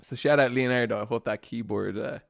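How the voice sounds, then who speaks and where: A man's voice: medium pitch, fairly even intonation, a little fast, creaky. A young man hosting a solo podcast, telling stories in a rambling, casual way, swearing freely and laughing often. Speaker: podcast host.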